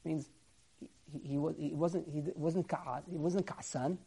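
Male Torah teacher, animated storyteller. Swings between loud, voiced-out characters and quiet, low asides, and stretches words for emphasis. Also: unhurried, gravelly, slightly rough. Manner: acts out quoted characters, rising louder and higher for them; drops to a quiet, low aside when explaining.

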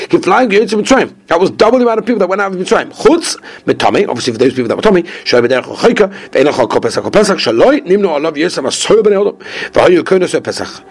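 A man giving a daily Talmud lesson, lecturing quickly and mixing Hebrew and Aramaic terms into his English. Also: high voice, husky. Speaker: Talmud teacher.

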